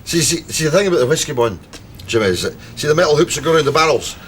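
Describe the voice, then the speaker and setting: A chatty Glaswegian barrel-roller, played by a man, telling tales to his mates with a lively, swooping pitch. The talk is matey and repetitive, with a faint rumble under it. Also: rapid-fire, close to an everyday voice. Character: chatty Glasgow barrel-roller, a good-natured mate. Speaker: whisky bond worker. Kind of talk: TV comedy drama acting.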